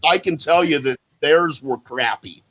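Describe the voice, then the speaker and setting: A man's voice: fairly high pitch, a little slow, a bit bright. A man co-hosting a podcast, joking bluntly and crudely in casual chat. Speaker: podcast co-host.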